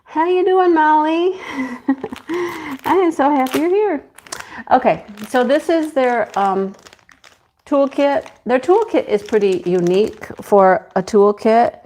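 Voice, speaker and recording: A woman's voice: fairly high pitch, animated, slow, pauses often, warm tone. A woman with a country American accent hosting a casual craft live stream, chatty and greeting viewers by name. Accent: rural American country. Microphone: clip-on mic.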